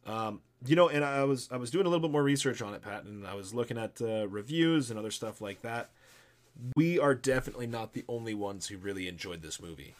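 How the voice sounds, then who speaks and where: A grown man co-hosting a casual movie review chat, animated and laughing, trailing off into low mumbles. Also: quick pace. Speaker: podcast co-host.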